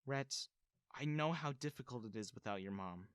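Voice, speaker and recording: A man voicing a young stepmother who speaks gently and calmly. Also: medium pitch, moderate pace, clear, resonant tone, no room sound, clean studio sound, natural voice. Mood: gentle calm. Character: young stepmother, sweet and calm.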